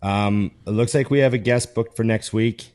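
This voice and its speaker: A pro bodybuilder co-hosting a podcast, telling a story in a lively, casual way full of fillers. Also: male voice, lowish voice, normal speed, no room sound. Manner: animated storyteller with many fillers.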